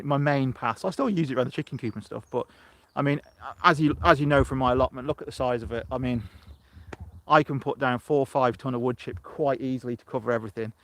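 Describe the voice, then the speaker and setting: A man's voice: mid-range voice, no echo. Chatty middle-aged man live on his allotment. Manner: rambling, chatty, answers viewer comments. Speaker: allotment vlogger. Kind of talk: live-streamed casual chat. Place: outdoors on an allotment. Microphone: phone camera.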